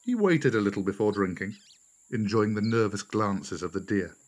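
A man narrating a storybook aloud, measured and expressive. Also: on the low side.

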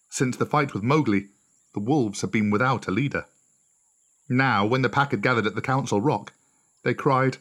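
A man narrating a children's storybook in a steady, clear voice. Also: mid-range voice. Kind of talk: storybook reading.

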